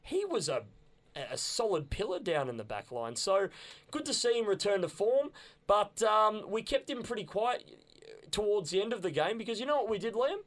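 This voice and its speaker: In casual podcast chat, a young Australian co-host talks with enthusiasm, frequently repeating words. His voice sits high with big pitch swings, at a normal speed.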